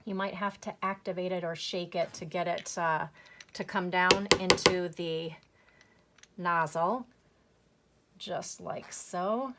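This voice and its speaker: A woman's voice: on the low side, a bit bright. A middle-aged woman hosting a card-making tutorial, chatty and enthusiastic as she works through each step. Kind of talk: crafting tutorial.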